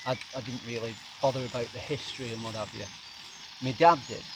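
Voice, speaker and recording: A middle-aged man, telling a funny story in an animated way. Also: mid-range voice, quick pace. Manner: animated, breaks into quoted voices and laughs. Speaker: guest camper. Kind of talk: casual storytelling by a campfire. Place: outdoors at a lakeside camp. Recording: noisy outdoor recording, sizzling campfire.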